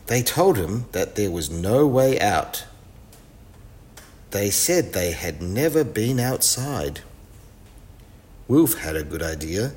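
Man, children's story narration, expressive, lively intonation. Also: fairly low pitch. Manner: clear, expressive read-aloud pacing.

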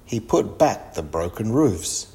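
A man reading a children's story aloud with lively expression. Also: fairly low pitch, takes it slowly. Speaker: narrator.

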